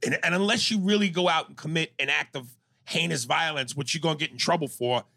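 A gravelly, husky man co-hosting a podcast, with a slightly raised pitch. He recounts scenes animatedly and acts out the people he quotes. His voice is dry and close-miked. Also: quick pace, sharp tone, no echo. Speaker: podcast co-host. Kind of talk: casual chat.

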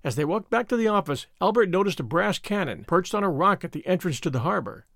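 Man narrating a story, lively pitch. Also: quick pace, vocal fry, dry recording, clean studio sound. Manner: steady storytelling between voiced lines. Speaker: audiobook narrator. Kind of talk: scripted narration.

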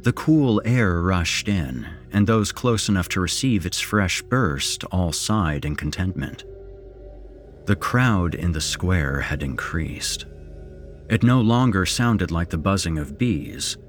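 A man narrating a horror story in a measured, dramatic storytelling manner, as host of a podcast. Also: sits low, lively intonation, faint music behind.

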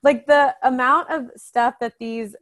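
A woman's voice: high-pitched, steady tone, unhurried, a bit bright. Chatty woman co-hosting a podcast. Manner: chatty, quotes people, laughs easily. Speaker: podcast co-host. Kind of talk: casual chat.

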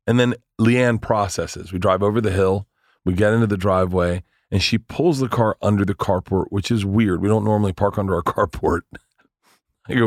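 A comedian guest telling a bawdy story on a podcast, loud and animated, swearing and laughing often. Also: male voice, on the low side, a little fast, dry recording, studio quality.

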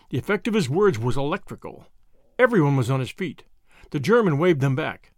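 A male audiobook narrator reads a novel in a measured, expressive way. His voice sits a little high and moves lively through each line. The sound is close and dry, with no room around it. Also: no room sound. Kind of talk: scripted narration.

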